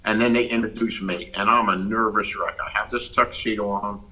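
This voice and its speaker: Man, interview guest, storyteller, lower voice, very bright tone, chuckling, a bit far from the mic. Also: brisk. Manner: animated storyteller, chuckles through punchlines. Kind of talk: casual anecdote telling.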